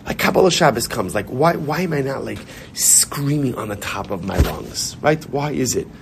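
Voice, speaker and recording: A man leads an informal Torah class in a synagogue, talking with animated energy and hammering points by repetition. His voice sits at an ordinary middle pitch, and he mixes Hebrew and Yiddish terms into his English. A faint hiss of the room runs underneath. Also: moderate pace, creaky. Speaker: rabbi.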